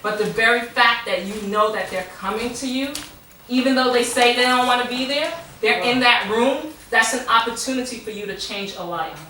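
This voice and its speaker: A woman speaks with fervent, preacherly passion, her bright voice rising and repeating key phrases. She sits back from the mic in a very echoey room, with a faint hum of ambience behind her. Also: on the high side, normal speed, far from the mic. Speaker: teacher and mentor, guest. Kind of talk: emotional testimony on a radio show.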